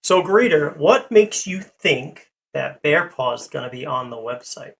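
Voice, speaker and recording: A man with a gravelly voice, pitched a little high, hosts a casual livestream. He rambles with lots of ums and uhs while greeting viewers and answering chat. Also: lively intonation, measured pace, hardly any pauses, a bit bright. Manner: rambling, full of fillers, greets and reads chat. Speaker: livestream host.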